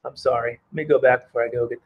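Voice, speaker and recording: A man's voice: mid-range voice, steady tone, racing, narrow, tinny audio, slight background noise. A man homebrewing outdoors in the cold, chatting casually on a live stream and reading chat messages aloud.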